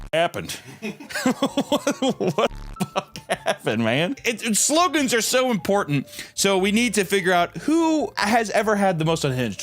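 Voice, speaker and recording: A man's voice: fairly high pitch, a bit bright. A man hosting a casual comedy show, joking and self-deprecating, often laughing as he talks. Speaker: host.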